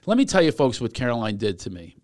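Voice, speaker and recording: Lively comic man hosting casual chat. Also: medium pitch, fast, noisy background. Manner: jokey, teasing, animated banter. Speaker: podcast host.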